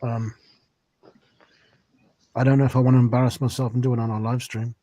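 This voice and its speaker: Hesitant mellow-voiced man. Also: mid-range voice, level tone, brisk, no echo. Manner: hesitant, soft, many ums. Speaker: guest on a live stream. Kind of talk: casual chat on a live stream.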